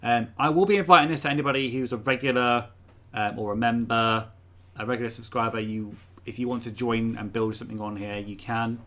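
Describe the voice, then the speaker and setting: A man in casual live-stream chat, talking from a room at home. His voice is bright and forward, neither high nor low. He rambles loosely, with frequent ums and uhs. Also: fairly even intonation, a little fast. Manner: rambling, filler-heavy, chatty. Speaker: livestream host.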